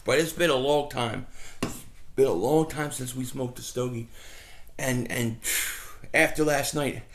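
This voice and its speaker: A middle-aged fan vlogger goes on an animated, rambling rant outdoors. His voice is high with a rough, gravelly edge. He tells stories casually and drops into mocking impressions of others.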